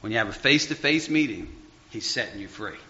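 A man preaching in a loose, conversational sermon, rambling with fillers and restarts, often rising high and then dropping to a near murmur. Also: lively intonation, fast, bright, forceful tone, a little hiss or hum. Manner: rambling, full of fillers and restarts, big swings in pitch and volume. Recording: dull lo-fi recording.

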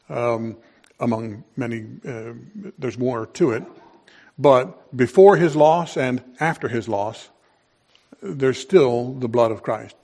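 A male pastor preaching a sermon in an unhurried, conversational way, with frequent fillers and restarts. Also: medium pitch, a little mellow.

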